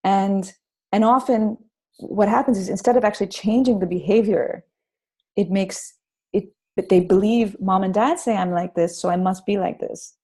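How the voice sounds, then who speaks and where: Brief: female parenting author guest, warm mellow tone, chatty storyteller, lots of restarts. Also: medium pitch, moderate pace. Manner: animated storytelling with many restarts and fillers. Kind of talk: casual interview conversation.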